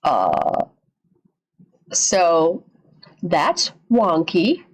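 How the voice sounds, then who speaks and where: Her voice fairly low but swooping wildly in pitch, a woman streams from home in front of a green screen, speaking very slowly over poor audio. It's a casual live-stream reaction full of free swearing and sarcastic quips.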